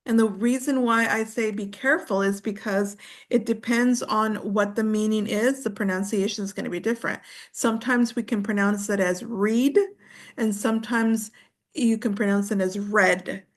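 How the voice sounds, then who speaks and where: A woman teaching an English class online, patiently explaining pronunciation with frequent fillers and encouragement. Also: mid-range voice.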